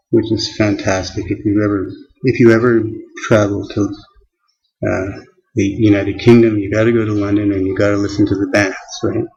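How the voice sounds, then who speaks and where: A man rambles to his camera in a slow, halting way, doubling back on his words and trailing off with fillers. His voice sits a little low, and the recording sounds dull and lo-fi. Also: darkish tone. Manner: halting, many restarts and fillers. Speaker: vlogger. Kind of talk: rambling casual monologue.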